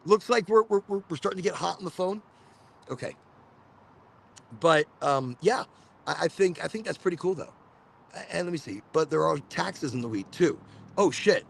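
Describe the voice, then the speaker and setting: High-pitched and creaky, a Florida man runs a live cannabis podcast, telling rambling stories in casual livestream chat and frequently repeating words.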